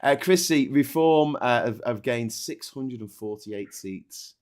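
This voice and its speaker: A man's voice: mid-range voice, measured pace. A man hosting a casual political chat, talking hesitantly with stammered restarts and reading out viewer comments.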